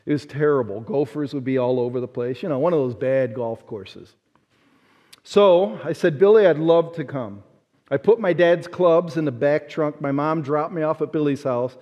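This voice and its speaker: Storytelling pastor in an echoing church. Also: male voice, fairly high pitch, moderate pace. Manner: animated storyteller acting out characters. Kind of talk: sermon with storytelling. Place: large church sanctuary. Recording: dull-sounding sermon audio with long hall reverb.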